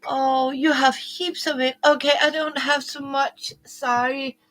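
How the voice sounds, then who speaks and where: A woman hosting a casual home craft livestream, chatting with viewers in a rambling way with many restarts and soft whispered asides. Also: high-pitched, little pitch movement, unhurried, a little hiss or hum. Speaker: quilting livestream host. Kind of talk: casual live chat with viewers. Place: indoors at home, living room.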